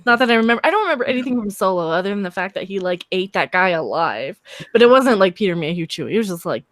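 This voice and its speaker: A woman's voice: mid-range voice, big pitch swings, quick pace, a bit bright, no room sound, clean studio sound. A woman guesting on a live stream panel, chatty and giggly, telling anecdotes and acting out little quoted lines. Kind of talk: casual live stream chat.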